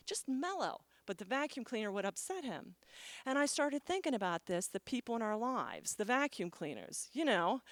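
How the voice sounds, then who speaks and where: A woman's voice: on the high side, no echo. A woman motivational speaker giving a keynote talk, telling stories with acted dialogue and checking in with the audience. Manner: storytelling with acted dialogue, asks the audience "okay?". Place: conference stage.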